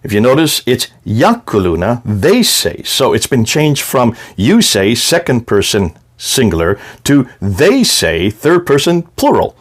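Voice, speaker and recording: A man presenting an explanatory talk in an emphatic way, his pitch swinging up and down, with frequent restarts. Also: sing-song, unhurried, hardly any pauses.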